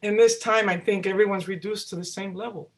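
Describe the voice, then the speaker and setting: A woman's voice: medium pitch, fairly quick. A woman singer-songwriter speaks as an interview guest and tells her stories with energy. She acts out the voices of the people she quotes as she goes. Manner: animated, acts out quoted dialogue. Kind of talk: storytelling in a casual interview.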